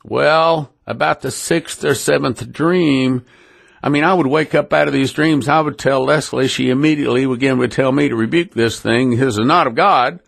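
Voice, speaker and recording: Earnest middle-aged ministry leader, gravelly, dry close sound, emotional testimony. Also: male voice, mid-range voice, moderate pace, fairly bright tone, no room sound. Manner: earnest, emotional, repeats himself often. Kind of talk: personal testimony to listeners.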